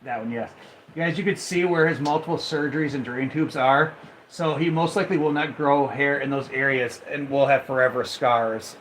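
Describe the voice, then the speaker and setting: A man's voice: mid-range voice, steady tone, moderate pace, a bit bright, a little hiss or hum, rough recording. A man hosting a casual live stream from home on a handheld phone, chatting straight to viewers and reading their comments aloud. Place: at home indoors. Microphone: phone held in hand.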